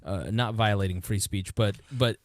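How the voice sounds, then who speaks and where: A man's voice: fairly low pitch, fairly even intonation, normal speed, no echo, clean studio sound. Earnest male podcast co-host. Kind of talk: casual political podcast chat.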